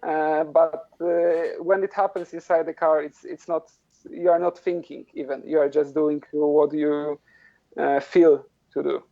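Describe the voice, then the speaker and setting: A man with a Polish accent, a drift driver guest on a podcast, speaking haltingly with frequent restarts. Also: on the high side, flat delivery, gravelly, warm tone, lo-fi sound. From Poland. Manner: halting, with many restarts and fillers. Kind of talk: casual podcast interview.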